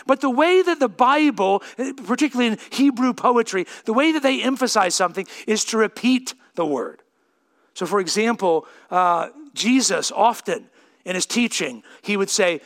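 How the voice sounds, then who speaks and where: A man preaching a sermon as pastor, reading scripture and building to emphatic, shouted peaks. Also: high voice, lively intonation, normal speed. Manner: emphatic, swelling to shouts on key lines.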